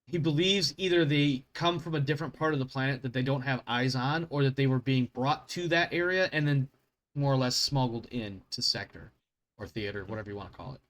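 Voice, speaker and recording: A male game master narrates a tabletop campaign at a middling pitch. He rambles and keeps correcting himself, and he swears at his own slips. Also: fairly quick, a bit bright.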